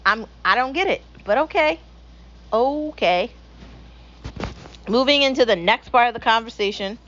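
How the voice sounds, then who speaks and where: Profane ranting woman, slightly high. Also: lively intonation, unhurried, fairly bright tone, dull audio, slight background noise. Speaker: podcast host. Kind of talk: casual opinion monologue.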